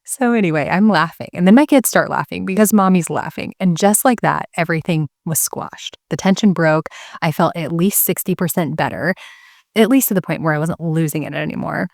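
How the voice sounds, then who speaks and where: Earnest young Christian mom, low voice. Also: female voice, a little fast, creaky, a little mellow, no room sound, studio quality. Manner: earnest, candid storyteller. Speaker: Christian homemaking teacher. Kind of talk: faith-based talk to camera.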